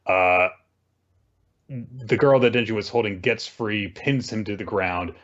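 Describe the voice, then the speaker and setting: A man recapping manga in casual chat, animated, acting out quoted lines in exaggerated voices. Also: fairly low pitch, unhurried. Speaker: podcast host recapping manga. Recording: dull lo-fi recording.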